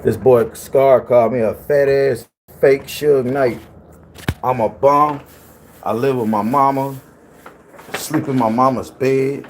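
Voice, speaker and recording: A man of middle pitch talks casually on a livestream. His delivery is loose and profane, and he often repeats himself. Faint ambient noise sits behind his voice. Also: fairly even intonation, takes it slowly. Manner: loose, profane, repetitive and conversational. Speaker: livestream host.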